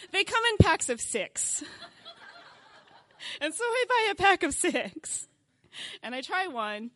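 Animated young woman telling a comic story. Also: fairly high pitch, no room sound. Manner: animated, self-mocking, acts out scenes, laughs often. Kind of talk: comic live personal story.

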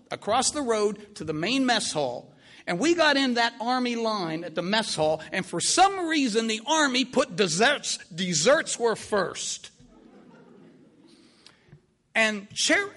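An older man telling a vivid personal story in an animated, repetitive way. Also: high-pitched. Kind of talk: spoken storytelling.

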